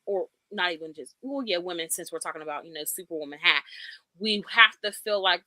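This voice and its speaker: A woman's voice: fairly low pitch, brisk, sharp tone, no room sound. A woman co-hosting a podcast, chatting casually and filling her talk with "you know". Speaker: podcast co-host. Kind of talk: casual chat.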